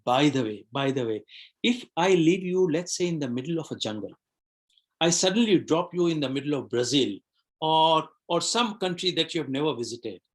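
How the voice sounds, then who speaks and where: A man's voice: a little high, lively intonation, moderate pace. A man hosting a live online webinar as a coach. He talks reflectively, asks the audience questions and often repeats words.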